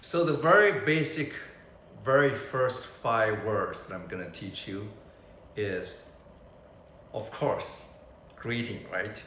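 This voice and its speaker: A man teaching beginners Mandarin, repeating each word slowly so learners can copy it. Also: on the low side, sharp tone, reverberant, slight background noise, rough recording. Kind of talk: beginner language lesson.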